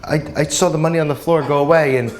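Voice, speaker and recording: A man from New Jersey performing a stand-up comedy set in a comedy club, animated and breaking into shouted, high-pitched quotes. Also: fast, a crowd in the background. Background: audience laughter.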